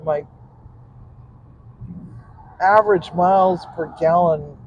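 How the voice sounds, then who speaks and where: A man's voice: fairly high pitch, slow pace, muffled recording. A man, a cook and vlogger, rambling casually to his audience from his car in traffic, laughing often and muttering asides. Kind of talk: casual rambling monologue while driving.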